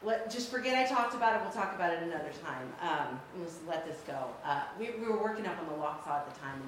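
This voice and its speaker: A woman telling a personal story to an audience, animated and laughing often, pausing for effect. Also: fairly low pitch. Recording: echoey room, faint background noise.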